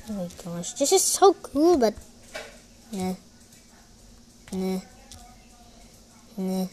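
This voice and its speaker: A woman giving excitable, giggly commentary while playing a game. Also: mid-range voice, slow, long pauses. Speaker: gamer. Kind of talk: gameplay commentary.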